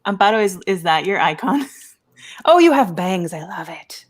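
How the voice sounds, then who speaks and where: Excitable woman panelist on a video call, voice swoops all over, playful. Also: mid-range voice, measured pace. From Puerto Rico. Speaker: panelist author. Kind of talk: casual livestream panel chat.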